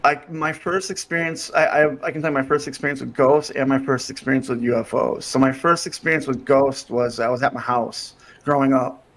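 A man's voice: mid-range voice, fairly even intonation, a little fast, hardly any pauses, a bit bright. Man telling a story, acting out quotes. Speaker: podcast guest. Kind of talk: casual storytelling.

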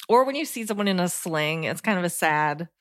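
Easygoing woman with a lowish voice. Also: expressive, a little fast, dry recording, studio quality. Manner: easygoing, laughs often, reads listener questions. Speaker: podcast co-host. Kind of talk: casual chat.

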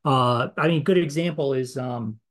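Male podcast co-host, mid-pitched voice, loose rambling delivery full of fillers. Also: moderate pace. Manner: conversational, rambling with many fillers and restarts. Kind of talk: casual chat.

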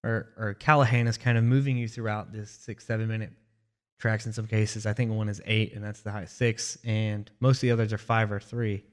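A man's voice: on the low side, level tone, a little fast. A man co-hosting a casual album review, talking thoughtfully with many fillers and restarts. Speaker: music review co-host.

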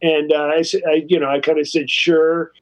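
A man's voice: on the high side, level tone, moderate pace, muffled recording. Loose, profane male storyteller. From California. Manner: loose, profane, full of "you know" and "like". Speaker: guest musician. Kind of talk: casual storytelling.

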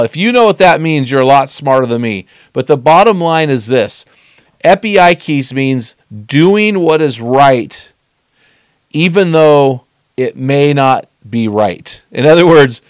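A middle-aged man teaching on scripture in an earnest, conversational way, slowing down to stress key phrases. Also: medium pitch, dry recording, clean studio sound.

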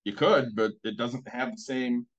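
A man's voice: mid-range voice, lo-fi sound. Firm man telling a story, swearing freely. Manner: profane, firm, unhurried storyteller. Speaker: coach. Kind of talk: casual chat, storytelling.

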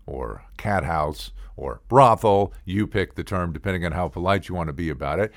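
An older man telling a funny personal story in a casual, animated way, acting out the yelling and the other people's lines. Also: sits low, moderate pace, no echo, studio quality.

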